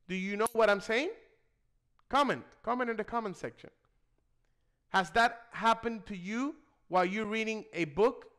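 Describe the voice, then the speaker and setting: A man with a high-pitched voice leads a video lesson for nursing exam students. He speaks with emphasis and often checks in with the listener. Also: a bit bright.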